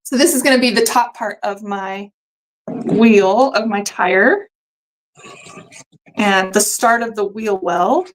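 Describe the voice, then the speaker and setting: A woman's voice: fairly high pitch, low-quality recording. A woman hosting a live quilting sewalong, chatting casually and rambling with fillers while she sews at her machine. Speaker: quilting host sewing along live. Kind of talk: casual live-stream chat while sewing.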